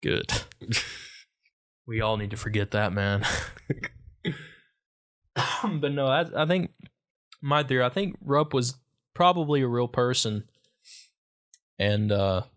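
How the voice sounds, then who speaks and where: A man co-hosting a casual podcast chat about local legends, telling stories in a relaxed, joking way. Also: medium pitch, takes it slowly, long pauses. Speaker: podcast co-host.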